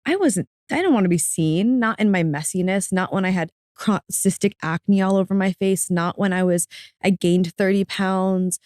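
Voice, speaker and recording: A woman's voice: normal speed, darkish tone, no echo, studio quality. A woman guest and author, telling her story in an earnest, reflective way on a podcast interview. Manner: earnest and reflective, voice rising high when moved to tears. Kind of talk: emotional personal storytelling.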